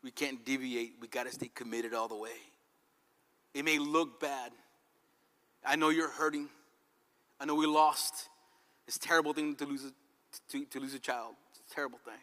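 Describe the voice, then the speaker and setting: A man preaching who voices Job as a gentle, steadfast man consoling his wife, in a reverberant hall. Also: medium pitch, pitched below the performer's own voice, lightly acted.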